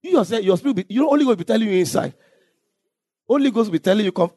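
High-voiced pastor preaching. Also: male voice, lively intonation, racing, no echo. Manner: preaching with scripture readings, some shouted lines and sung phrases. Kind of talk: sermon.

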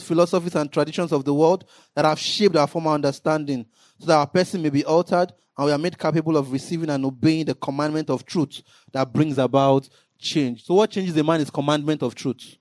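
A man preaching a sermon in an impassioned way, now and then rising into shouted emphasis. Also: on the high side, a little fast, no room sound, studio quality.

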